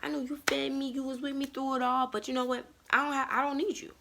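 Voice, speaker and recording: A sassy, ungrateful rose talks back in a shrill, raised voice, as a woman puts her on. Her delivery is loud and dismissive. There is a gravelly edge underneath it. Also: level tone, fast, heavily acted. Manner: sassy, high-pitched and loud.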